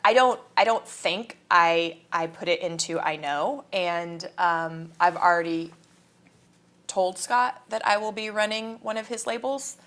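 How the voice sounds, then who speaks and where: A woman's voice: on the low side, a little slow, fairly bright tone. A woman from Kansas, a guest in a casual interview, telling stories animatedly, acting out quotes and laughing often.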